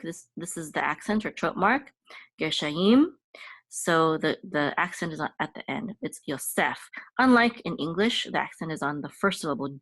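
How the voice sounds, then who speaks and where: Low-voiced woman teaching Hebrew slowly. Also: fairly bright tone, no room sound. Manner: patient, slow, repeats and sounds out syllables; frequent fillers and self-corrections. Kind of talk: casual spoken lesson.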